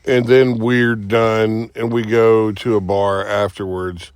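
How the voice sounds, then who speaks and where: A man's voice: lowish voice, level tone, takes it slowly, clear, resonant tone, no echo, clean studio sound. A man telling a long rambling story in casual podcast chat, swearing and acting out what people said. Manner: rambling, profane, acts out quotes with sudden shouts. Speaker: podcast host.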